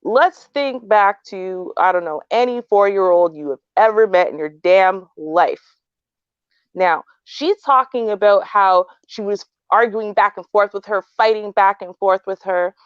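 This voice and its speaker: A woman's voice: mid-range voice, a little slow, clean tone, no echo, dull audio. A woman commentating in a casual way, sounding incredulous and reasoning things out aloud. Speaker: podcast commentator.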